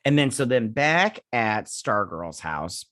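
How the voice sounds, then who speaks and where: A man hosting a show, chatting casually as he recaps and reviews a TV episode and slips into quick voices for the characters. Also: on the low side, big pitch swings, fairly bright tone, dry recording, studio quality. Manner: retells scenes with quick offhand impressions; chatty with frequent fillers. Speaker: show host.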